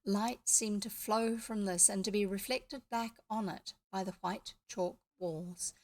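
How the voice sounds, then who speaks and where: A woman's voice: mid-range voice, a little slow. New Zealand woman reading a children's classic. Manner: lively storytelling with chatty asides. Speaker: audiobook reader. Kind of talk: reading a classic children's book aloud, with asides.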